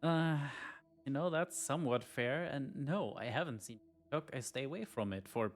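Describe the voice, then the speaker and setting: A man's voice: mid-range voice, lively intonation. A man streaming a game live, musing aloud and laughing as he reads the answers. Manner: slow, musing, reading aloud, laughing often.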